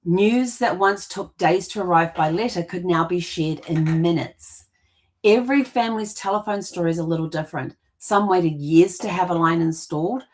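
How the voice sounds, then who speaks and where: A woman's voice: on the low side, moderate pace, darkish tone. A middle-aged woman, hosting a family history show and telling rambling childhood stories with restarts and laughter. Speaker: genealogy podcast host. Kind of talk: casual storytelling monologue.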